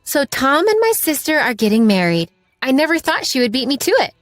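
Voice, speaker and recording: A woman's voice: sits high, sing-song, a little fast, no room sound, clean studio sound, soft background music, voice pushed up. A woman reading the lines of a cheerful, teasing younger sister in her late twenties.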